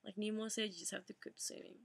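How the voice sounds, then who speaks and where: A young woman telling her personal story in a vlog, emotional and halting, fighting back tears, full of fillers and restarts. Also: medium pitch, level tone, creaky, background noise. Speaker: vlogger.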